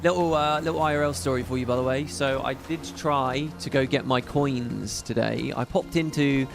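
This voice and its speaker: A man's voice: medium pitch, fairly even intonation, normal speed, gravelly, music in the background. A man hosting a casual livestream, chatting in a rambling, profane way with frequent asides. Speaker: livestream host.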